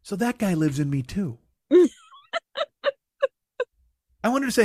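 A man's voice: sits high, big pitch swings, slow pace, pauses often, a little mellow, no echo, studio quality. A man telling a profane, exasperated comic story as a podcast co-host, mocking himself as he goes. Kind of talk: comedic storytelling rant.

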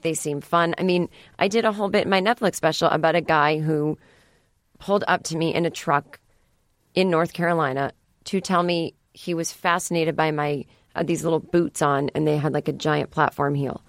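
A woman in her thirties riffs through a casual comedic monologue on her podcast. Her voice sits low, recorded dry and close on a studio mic. She talks in a chatty, animated way and jumps into playful voices for the people she quotes. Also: dry recording.

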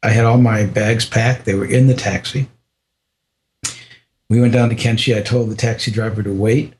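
In an interview, an older man recounts a personal story haltingly, restarting often and frequently softening his voice. He speaks in a lowish, steady tone, with a bit of hiss or hum in the recording.

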